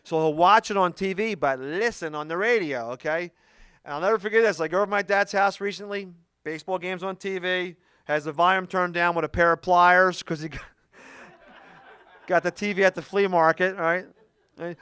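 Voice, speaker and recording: High, bright-voiced male stand-up comic. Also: clean tone, dry recording, clean studio sound. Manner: animated storytelling with quick asides. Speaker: stand-up comedian. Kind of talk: stand-up comedy routine. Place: comedy club stage.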